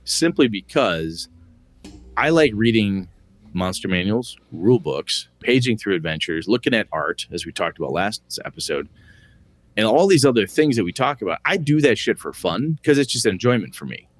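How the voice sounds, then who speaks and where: A middle-aged man co-hosting a podcast, chatting casually in an animated way and swearing freely as he tells stories. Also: lowish voice, normal speed. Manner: animated, profane, storytelling. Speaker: podcast co-host. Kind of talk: casual chat.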